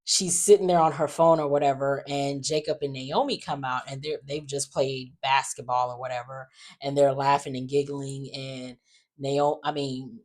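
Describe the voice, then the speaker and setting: A woman's voice: extremely low pitch, fairly even intonation, normal speed, darkish tone. A young woman giving a chatty, slang-filled recap of soap opera episodes, trading in strong opinions.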